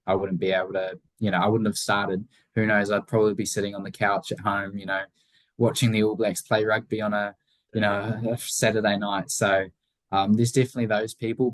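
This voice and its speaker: A teenage guy with a Southland New Zealand accent talks casually in an interview, circling his points with plenty of fillers and restarts. His voice sits a bit low, and the sound is dry and close with no room around it. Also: dry recording, rough recording. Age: teens. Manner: rambling, many fillers and restarts. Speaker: guest, young motorcycle racer.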